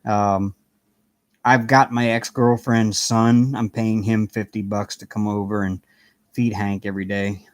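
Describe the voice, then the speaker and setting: A man's voice: fairly low pitch, level tone, unhurried, no echo. Casual live-stream host, male, rambly and talkative, greets chat by name, recorded at home. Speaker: livestream host chatting with viewers. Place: home apartment.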